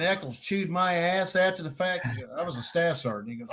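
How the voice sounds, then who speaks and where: A man's voice: on the high side, brisk, few pauses, a crowd in the background. A middle-aged man telling service stories in a casual podcast chat, rambling and swearing freely as he acts out what others said. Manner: animated storyteller who swears freely and acts out what people said; rambling, with frequent restarts and "you know". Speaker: podcast crew member.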